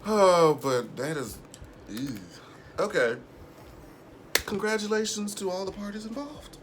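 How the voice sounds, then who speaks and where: A man co-hosting a casual chat show, giggly and quick to react. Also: sits high, animated, background noise. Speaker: co-host.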